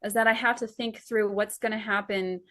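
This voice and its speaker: A woman guest author telling stories in a lively, chatty way during a casual interview. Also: medium pitch, brisk.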